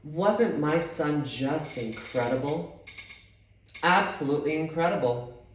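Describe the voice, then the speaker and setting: A woman's voice: sits low, lively intonation, takes it slowly, very echoey, far from the mic, slight background noise, low-quality recording. Man quoting a brash, fiercely loyal mom. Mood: indignant. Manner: brash, outraged, swears freely. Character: blunt protective mother, middle-aged woman, fiercely loyal.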